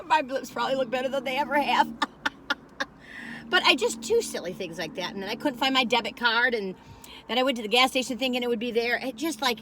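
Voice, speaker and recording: A woman's voice: fairly high pitch, a little fast, noisy background. An older woman, rambling in a folksy, chatty way as she reviews food on a phone camera in a parked car.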